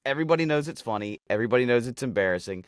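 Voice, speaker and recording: A man's voice: medium pitch, animated, rapid-fire, smooth, no echo, clean studio sound. A man co-hosting a podcast, telling a rambling, profane, self-mocking story in casual chat. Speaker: podcast co-host.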